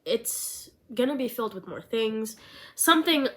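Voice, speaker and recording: A woman's voice: a little high, expressive, a little slow. Sick young woman vlogging from her bedroom, stuffy nasal voice, bubbly and rambly. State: nasal from a cold, sniffling. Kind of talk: casual chat to camera. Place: small bedroom. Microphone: pen-style handheld mic.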